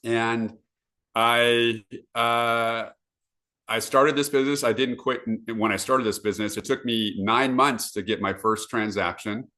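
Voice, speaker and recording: A middle-aged man from Southern California, a podcast guest telling his story casually over a video call, with many fillers and animated asides. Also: medium pitch, unhurried.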